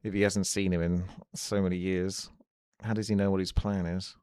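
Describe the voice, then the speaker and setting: A man's voice: sits low, little pitch movement, normal speed, darkish tone, smooth, dry recording, clean studio sound. A man giving casual, chatty commentary on a live game stream, musing aloud and often saying "like".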